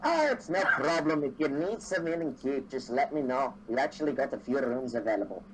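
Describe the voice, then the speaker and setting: A man's voice: mid-range voice, lively intonation, a little fast, fairly bright tone, slight background noise, lightly acted, low-quality recording. A man voicing a friendly, chatty male dwarf bartender who calls people laddie and lassie.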